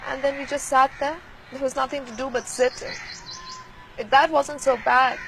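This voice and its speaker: A woman from Pakistan recalling events in an archival interview, speaking in a quiet, measured, reflective way. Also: high voice, fairly even intonation, background noise.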